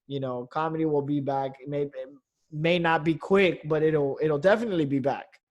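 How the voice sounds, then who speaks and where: A man's voice: a little high, steady tone, moderate pace, muffled recording. A man, a comedian, chatting casually on a podcast in a loose, rambling way, full of fillers and the odd curse. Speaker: comedian guest.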